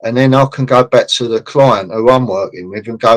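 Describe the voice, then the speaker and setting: A man's voice: medium pitch, normal speed, low-quality recording. Guy chatting on a podcast, acts out little site chats, ordinary mid voice. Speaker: construction consultant guest. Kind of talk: casual podcast chat.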